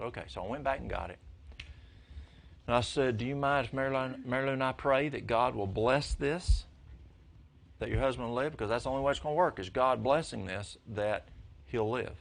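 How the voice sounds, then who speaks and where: An older man telling folksy stories to a church congregation, his voice jumping high when excited. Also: creaky. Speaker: lay speaker at church. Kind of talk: storytelling talk to a congregation.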